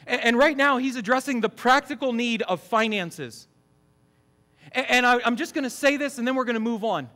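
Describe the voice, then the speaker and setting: A man's voice: extremely high pitch, brisk, fairly bright tone. A middle-aged man preaching a sermon as campus pastor, emphatic, often asking the congregation questions.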